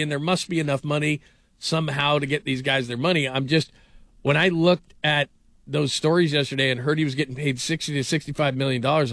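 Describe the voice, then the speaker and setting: On a sports radio show, a middle-aged host with a voice on the high side spins rambling stories. The studio-quality audio has no echo, and his animated, casual delivery is loaded with fillers.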